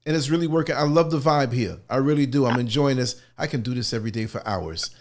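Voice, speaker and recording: A man's voice: medium pitch, fast, a little hiss or hum. A man hosting a live call-in show, talking with enthusiasm and lots of stumbling restarts. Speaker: host.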